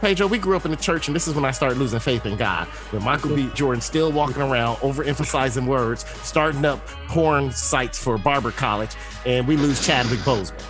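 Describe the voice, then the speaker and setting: Animated man telling stories on a podcast. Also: medium pitch, fairly quick, few pauses, over music. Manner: animated storytelling, acts out quoted voices, loud outbursts. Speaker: podcast host. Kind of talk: casual chat.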